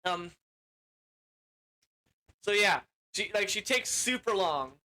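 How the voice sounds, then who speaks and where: A man's voice: sits high, lively intonation, takes it slowly, bright, forceful tone, poor audio. A man giving a casual, rambling movie recap as a reviewer, full of fillers.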